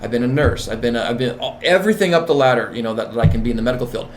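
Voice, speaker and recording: A man being interviewed as a nurse manager and executive coach, talking in an emphatic, repetitive, animated way. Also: medium pitch, very fast, slight background noise.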